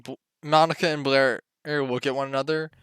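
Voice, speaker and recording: A man reading a play's stage directions aloud in a brisk, matter-of-fact way. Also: mid-range voice, little pitch movement, a bit bright, clean tone, no room sound.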